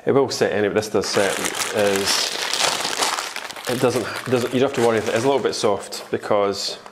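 Low-voiced Scottish man teaching baking. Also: normal speed, background noise. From Scotland. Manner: chatty and jokey, with fillers. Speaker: baking instructor. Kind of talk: casual cooking tutorial. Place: kitchen.

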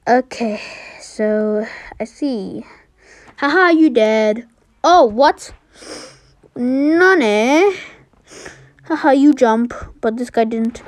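A young woman giving casual, excitable gameplay commentary, trash-talking and trailing off into mutters. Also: fairly high pitch, slow pace, no echo. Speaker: game streamer.

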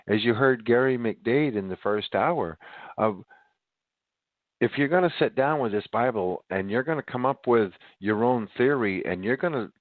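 A man's voice: mid-range voice, no room sound. Winded preaching man on a tinny line. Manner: emphatic, addresses listeners as ladies and gentlemen. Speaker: podcast host. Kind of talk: preaching monologue.

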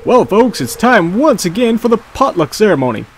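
A man's voice: high-pitched, very animated, normal speed, slight background noise, pitched above the performer's own voice. A man doing a jovial folksy town mayor. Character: folksy male town mayor hosting a festival.

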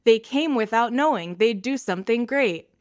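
A woman's voice: fairly high pitch, expressive, moderate pace, no echo, voice pushed up, lightly acted. A charming, vain young man on the verge of tears, as a woman puts him on, rambling and pleased with himself. Heard close and dry in a tabletop game. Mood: recital. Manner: rambling, self-admiring.

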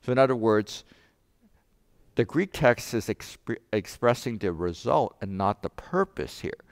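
A man preaching a sermon as pastor, telling a joke and then explaining scripture with animated rhetorical questions. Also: lowish voice, measured pace, no echo, clean studio sound. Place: church sanctuary.

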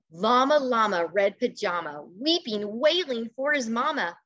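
Here a woman teacher coaxes children through a picture book on a video call, reading expressively and pausing to ask them questions. Her pitch is fairly high, and the recording sounds muffled.

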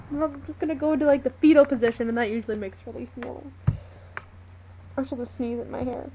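Chatty high-voiced woman vlogging at home. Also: brisk, warm tone, slight background noise, low-quality recording. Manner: rambling, chatty, exasperated with her dog. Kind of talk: casual talk to a webcam.

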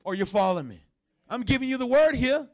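A man preaching a sermon, with a notably high voice for a man. He moves from chatty asides to loud, soaring bursts, and now and then growls to mimic a dog. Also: animated, fast talker. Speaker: pastor.

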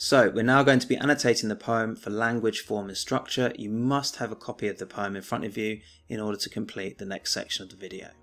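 A male teacher gives a remote lesson, reading verse aloud with weight and then annotating it in plain, steady explanation. His voice sits on the low side. Soft music plays faintly underneath. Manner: measured, declaiming the poem, then explaining plainly.

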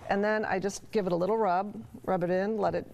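A woman's voice: mid-range voice, fairly even intonation, fairly quick, gravelly, a little mellow, slight background noise. A woman appearing as a guest on a cooking show, chatting as she demonstrates a recipe.

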